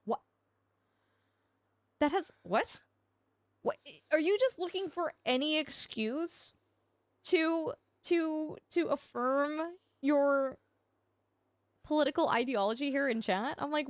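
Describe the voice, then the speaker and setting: A young woman talks to her stream chat in a highish voice. She rambles, stops and restarts her sentences, and keeps answering viewers. The sound is dry and close, as if she sits at a desk mic at home. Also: takes it slowly, long pauses, dry recording. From Canada. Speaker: game streamer. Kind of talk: casual livestream chat.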